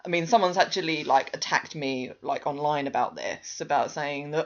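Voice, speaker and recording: An English man co-hosting a podcast, talking in an animated, exasperated way as he criticises. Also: fairly high pitch, moderate pace, few pauses, muffled recording. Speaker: podcast co-host. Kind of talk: casual chat.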